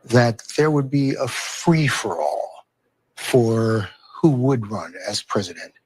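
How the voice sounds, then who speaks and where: A man's voice: medium pitch, expressive, takes it slowly, darkish tone, slightly rough, no room sound. A man interviewing for television, asking probing questions and pressing for answers. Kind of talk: TV news interview.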